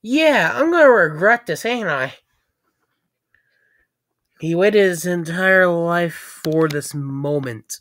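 Slow-talking, swearing young woman reacting. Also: lowish voice, animated, fairly bright tone, no room sound, studio quality. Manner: swears constantly, laughs and exclaims in surprise. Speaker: reaction video creator. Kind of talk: casual reaction commentary.

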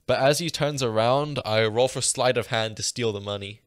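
A man's voice: medium pitch, moderate pace, dry recording. A man playing a tabletop game, speaking casually in short turns. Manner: casual, brief. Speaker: player.

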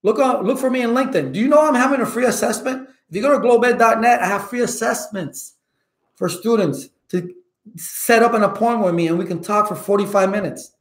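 A man who teaches IT certifications, giving viewers loud, emphatic advice in a casual way and often checking in with "okay?". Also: high-pitched, brisk, roomy sound. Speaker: IT certification instructor.

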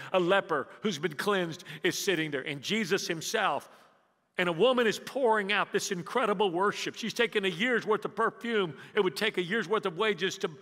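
A man preaching a sermon as pastor, telling the story dramatically, dropping from loud emphasis to hushed near-whispers and drawing the congregation into call-and-response. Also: on the high side. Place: church sanctuary. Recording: long reverb of a church hall.

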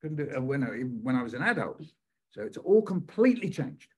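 An older man, a poet, telling stories and performing a poem with dramatic pauses. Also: mid-range voice, big pitch swings, darkish tone, slightly rough. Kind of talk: storytelling on a live online session.

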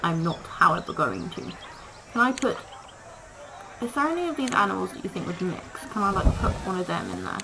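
A woman's voice: on the low side, big pitch swings, normal speed, vocal fry. A woman casually commenting on her gameplay, chatting to the animals in the game and laughing often. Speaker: gaming video creator. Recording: noisy home recording.

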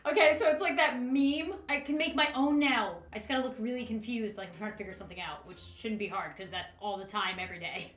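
A woman's voice: a little high, fast, hardly any pauses, fairly bright tone, roomy sound. A young woman vlogging in her home office, goofy and giggling as she talks to herself and the camera. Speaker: YouTuber. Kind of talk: comedic filter-testing vlog.

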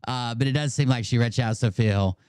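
Male host, mid-pitched, rambling and sarcastic, close-miked, no room sound. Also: brisk, a little mellow, smooth, no echo. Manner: rambling, mocking, laughs often. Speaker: host reacting to clips. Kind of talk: casual commentary.

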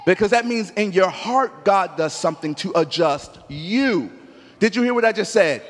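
A man preaching a sermon, telling stories with acted-out dialogue and rising to emphatic near-shouts. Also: high voice, lively intonation, normal speed. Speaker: pastor. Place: church sanctuary. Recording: long church hall reverb.

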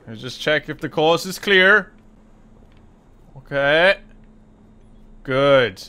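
A young man giving excitable live commentary while he plays a video game, swearing, laughing and calling his viewers lads. He talks over the game's own sound. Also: fairly high pitch, very slow, clean tone. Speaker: gaming channel host.

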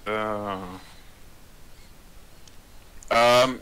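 A man's voice: a little slow, long pauses, rough recording. A man as a player in a tabletop game, muttering his dice rolls and chatting casually. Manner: relaxed, muttering dice rolls, jumpy pitch when excited.

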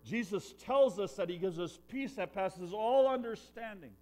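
Animated, earnest male pastor preaching. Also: sits high, moderate pace, few pauses. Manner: earnest preaching with swings from loud to hushed. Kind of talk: sermon. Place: church.

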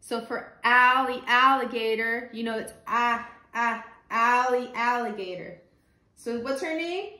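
A woman teaching a phonics lesson to young children, slow and patient, repeating the letter sounds. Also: fairly high pitch, bright, forceful tone, echoey room.

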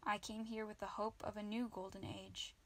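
A woman's voice: mid-range voice, level tone, normal speed, close to an everyday voice. A woman voicing a solemn, fussy male rabbit warrior who is the last of his kind, in a storybook reading. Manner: fussy, solemn, egg-obsessed.

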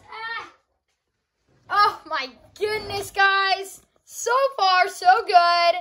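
Brief: high-pitched, unhurried woman, excitable unboxing vlogger recorded on a phone, gasps and talks to viewers. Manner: excitable, gasping, keeps calling out to viewers. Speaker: YouTuber opening trading cards. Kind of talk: casual unboxing vlog. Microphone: phone on a charger.

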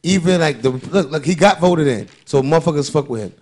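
A man's voice: fairly high pitch, fairly quick. A man co-hosting a podcast in casual, heated chat, swearing freely and arguing with energy. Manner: animated, swearing, acts out quoted voices. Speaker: podcast co-host.

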